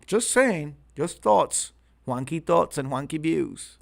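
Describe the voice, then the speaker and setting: A man's voice: on the high side, animated, takes it slowly, creaky. A man hosting a reaction commentary, mocking and crude in his remarks. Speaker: commentary host.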